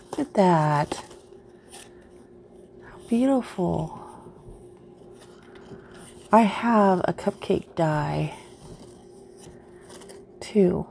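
A woman's voice: medium pitch, creaky, warm tone, a little hiss or hum. A woman vlogger unboxing craft mail in casual chat, gushing and easily delighted.

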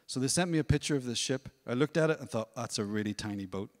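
A man giving a testimony at a church service, telling his story in a lively way and acting out other people's voices. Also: mid-range voice, fast, big-room sound. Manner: storytelling, animated, acts out voices. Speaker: worship leader. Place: church hall.

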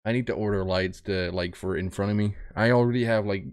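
A young man talks loosely to his stream chat in a fairly low voice. He rambles, restarts his sentences and greets viewers by name as he settles in. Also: steady tone, a little fast, clear, resonant tone. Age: young adult. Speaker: streamer reacting to videos. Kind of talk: casual live-stream chat.

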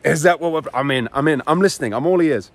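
A man's voice: fairly high pitch, fast talker. A man voicing his eager pet dog as a slangy, wide-eyed dude. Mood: excited. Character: eager excited male pet dog, laid-back dude.

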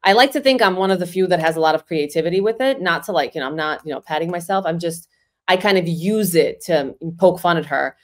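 A woman's voice: fairly low pitch, quick pace. A woman comedian and impressionist chatting casually as a podcast guest, snarky and self-assured, with lots of "you know" fillers.

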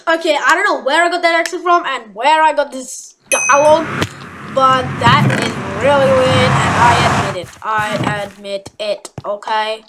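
A woman giving chatty, rambling gameplay commentary with excitable outbursts, recorded at home with mouse clicks heard. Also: sits high, moderate pace, heavy background noise. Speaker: gaming YouTuber.

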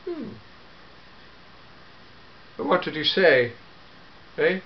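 A man's voice: a little high, wildly swooping pitch, drawn-out words, highs cut off, exaggerated voice. A man doing a fussy old time-traveller. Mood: fussy, chatty. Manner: fussy, hesitant, peppered with hmms and eh?s. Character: elderly fussy time-travelling gentleman, tetchy and grandfatherly. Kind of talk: fan audio drama monologue.

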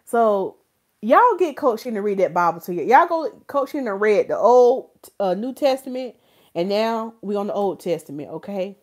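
A woman's voice: mid-range voice, moderate pace. A woman from North Carolina, chatting casually and joking with viewers as a hairstylist hosting a livestream. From North Carolina, USA. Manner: animated, playful, joking with viewers.

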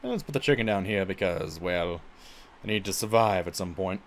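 A man's voice: low voice, animated, brisk, slight background noise. A male streamer chatting casually while he plays a game, exclaiming at it and saying he gets stuck in a put-on voice. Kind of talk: casual gameplay chat.

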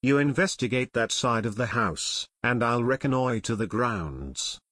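Audiobook: cool, measured teen boy sleuth read by the narrator; dry close sound. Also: medium pitch, expressive, a bit bright, no room sound. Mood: calm. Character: calm, level-headed teenage boy detective.

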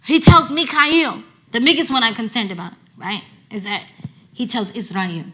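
An American woman teacher giving a sermon to a women's gathering, telling stories with lively swings from hushed to loud. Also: a little high, moderate pace. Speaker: Islamic teacher.

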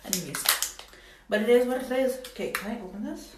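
A young woman vlogging casually at home, excitable and dramatic, with sudden loud exclamations. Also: fairly high pitch, a little fast. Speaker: beauty vlogger. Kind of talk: casual vlog chat. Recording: echoey room with faint noise.

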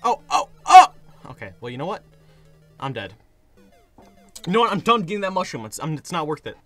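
A hoarse young man giving casual commentary while playing a game, getting frustrated and yelling at it. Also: fairly high pitch, sing-song, brisk, soft background music. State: hoarse, voice worn out. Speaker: gaming video creator.

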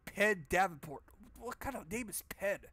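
A man's voice: sits high, lively intonation, moderate pace, bright, forceful tone. A man giving sarcastic, profane let's play commentary while playing a horror game. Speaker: game streamer.

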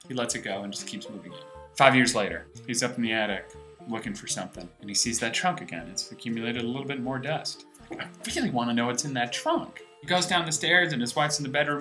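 A young man telling long jokes to his laptop camera, animated, acting out the characters' lines. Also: mid-range voice, low-quality recording. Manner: animated storyteller, voices the characters. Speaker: comedy show host telling jokes. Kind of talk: joke telling. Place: small room, webcam. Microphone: built-in laptop camera mic.

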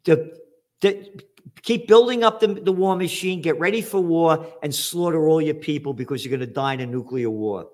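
A man's voice: a little high, moderate pace. A man hosting a show, reading news headlines aloud and answering them with profane, sarcastic rants. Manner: profane, sarcastic, shouting mockery; reads headlines then mocks them. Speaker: trends forecaster and show host. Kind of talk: ranting commentary on news headlines.

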